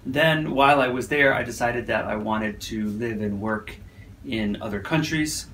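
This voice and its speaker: A man's voice: mid-range voice, unhurried, slight background noise. A middle-aged man from the United States, a university English teacher, telling stories casually and acting out sounds and voices as he goes. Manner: animated, acts out sounds and voices in his stories. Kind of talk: casual storytelling.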